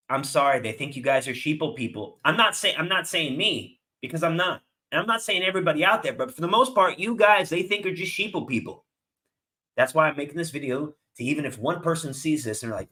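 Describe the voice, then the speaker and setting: A man with a high voice speaks in a heated, angry rant. His tone is bright and sharp as he reacts to clips in his commentary video. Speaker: political commentator.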